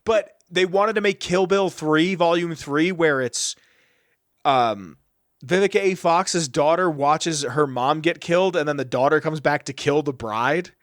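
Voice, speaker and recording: A man co-hosting a podcast, telling stories in a casual, animated and profane way. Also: fairly high pitch, a little slow, dry recording, studio quality. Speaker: podcast co-host. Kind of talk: casual chat.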